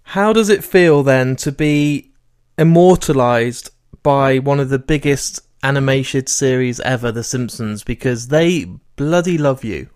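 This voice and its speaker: Enthusiastic interviewer, dry sound. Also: male voice, medium pitch, a little slow, a little mellow, smooth, dry recording. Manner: enthusiastic, eager questions. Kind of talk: casual interview.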